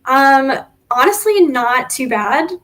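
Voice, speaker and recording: Woman, racer guest, higher pitch, friendly, relaxed, casual interview. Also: slow pace. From United States. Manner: friendly, relaxed, uses fillers like um and so.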